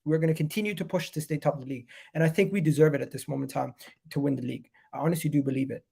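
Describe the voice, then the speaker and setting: A man's voice: fairly high pitch, very fast, creaky, warm tone, husky. A man with a cold and a nasal voice, hosting a live fan reaction stream about his football club, talking in an emphatic, repetitive, hyped way. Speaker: football fan channel host.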